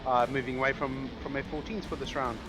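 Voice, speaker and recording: A man's voice: mid-range voice, fairly even intonation, fast talker, music in the background, poor audio. A man co-commentating a flight-simulation stream with dry, laid-back remarks.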